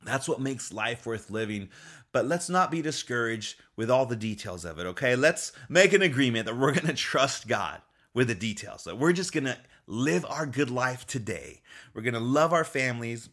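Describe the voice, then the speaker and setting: Man, faith speaker, mid-pitched voice, upbeat and encouraging, repeats key phrases, chuckles often. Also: animated, normal speed, fairly bright tone. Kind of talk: motivational faith talk.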